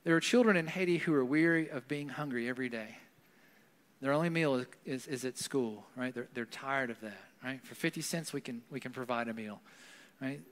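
A pastor with a brisk, medium-pitched male voice gives a conversational sermon in a church hall, speaking with a Southern US accent and often slipping in "right?" The recording carries long hall reverb.

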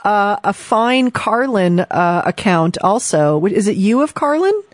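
A woman's voice: mid-range voice, sing-song, measured pace, no echo, studio quality. A woman hosting a talk show, chatting casually and swearing freely as she tells a story. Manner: chatty and profane, laughs often. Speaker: podcast host. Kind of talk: casual chat.

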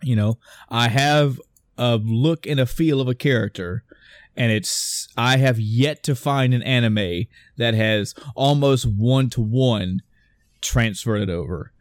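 A man's voice: medium pitch, slow, no room sound, clean studio sound. A man in casual chat on a podcast, rambling through stories with lots of restarts and asides. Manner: rambling, animated storytelling with many restarts.

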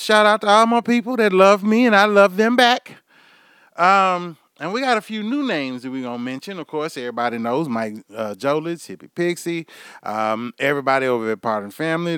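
A man's voice: on the high side, fairly bright tone, clear, resonant tone, no room sound, studio quality. A man hosting his own podcast, rambling through a swear-filled comic rant. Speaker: podcast host. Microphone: podcast microphone.

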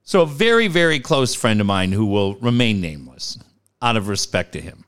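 A man's voice: lowish voice, very animated, moderate pace, fairly bright tone, smooth. A man from Cardiff telling a story in casual chat, profane, laughing and acting out the voices.

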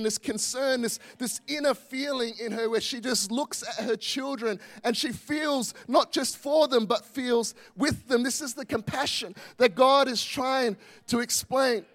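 A man's voice: very high-pitched, fairly bright tone. A male pastor, preaching a passionate, emphatic sermon full of repetition.

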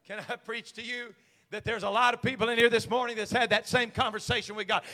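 Male pastor, high bright voice, preaching in a reverberant church, dynamic swings from soft to shouting. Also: level tone, fast talker. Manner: swings from quiet to shouting, call-and-response preaching. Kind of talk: sermon. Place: church sanctuary.

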